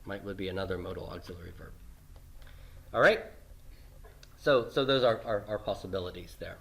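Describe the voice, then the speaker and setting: A male teacher giving a recorded class lecture, patient and repetitive, often checking in with "okay?" and slowing down on key terms. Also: low voice, gravelly. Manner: lots of fillers and restarts, slowing on key terms.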